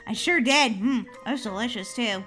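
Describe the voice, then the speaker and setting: A woman hosting a gaming channel, giving excitable let's-play commentary, giggling and shrieking when chased. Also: on the high side, normal speed, soft background music.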